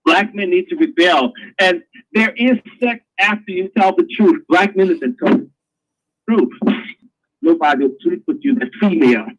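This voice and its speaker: A man's voice: high voice, moderate pace, low-quality recording. A man hosting a live online talk show, ranting in a crude, preachy way. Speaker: host.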